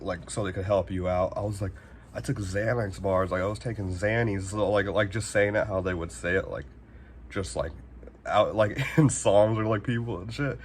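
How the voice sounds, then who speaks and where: His voice is on the low side with a darkish tone, and a faint hiss or hum runs underneath. He's a Northern Californian vlogger in his 20s, spinning a meandering, slangy story, swearing often and constantly saying "like."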